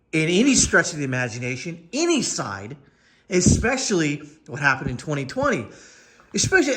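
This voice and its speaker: This political commentator, a man in his forties, sounds sarcastic and casual, frequently imitating others with whiny voices. He speaks high and fairly bright, his pitch swinging widely between phrases.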